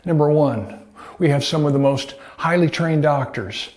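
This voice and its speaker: A man's voice: fairly high pitch, normal speed, a little mellow. A man, a doctor, gives a scripted health talk to camera in a folksy way, full of rhetorical questions. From United States. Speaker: doctor presenting a health video.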